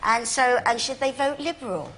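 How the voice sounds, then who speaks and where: A woman's voice: fairly high pitch, lively intonation, moderate pace, very noisy. A woman in her sixties from London with a Cockney accent, chatting as a chat show guest and calling people darlings. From London, England. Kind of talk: casual chat show interview. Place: TV studio with audience.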